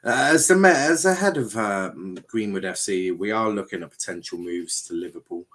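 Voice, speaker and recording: A man's voice: lowish voice, moderate pace, a bit bright. A man hosting a casual panel chat, reading out chat comments and teasing his co-host. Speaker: show host.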